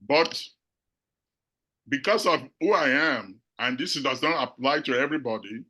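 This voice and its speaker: A middle-aged man from Nigeria with a Nigerian accent, giving a measured, reflective talk to an audience as a panel speaker, pausing often on fillers. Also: mid-range voice, lively intonation, pushed and bright, poor audio. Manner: measured, with frequent filler pauses.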